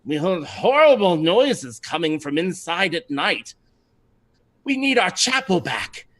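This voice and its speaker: A man voices a timid, tonsured village man who nervously pleads, using an exaggerated voice pitched above his own. It's high, sing-song, a little slow, and fairly bright.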